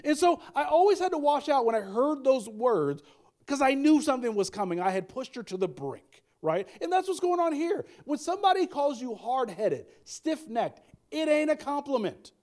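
A man's voice: very high voice, very animated, normal speed, a little mellow. A middle-aged male pastor preaching a sermon, emphatic, with folksy asides and repeated key lines.

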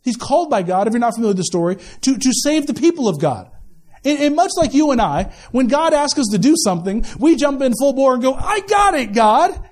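High-voiced joking male pastor. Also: sing-song, quick pace, a little mellow. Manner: conversational, joking, repeats words when starting a sentence. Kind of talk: sermon.

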